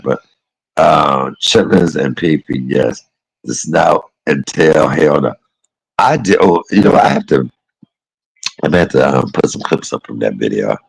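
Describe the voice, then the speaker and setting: A man's voice: rumbling low, creaky, breathy edge, poor audio. A man chatting casually and rambling on a livestream, calling his viewers y'all and baby. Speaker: live streamer.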